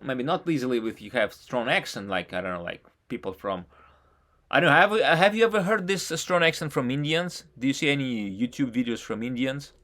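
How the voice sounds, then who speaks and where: A man tutoring a student in he did not learn first, talking haltingly with many false starts and frequent questions. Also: medium pitch, expressive, fairly bright tone. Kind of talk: casual one-on-one lesson talk.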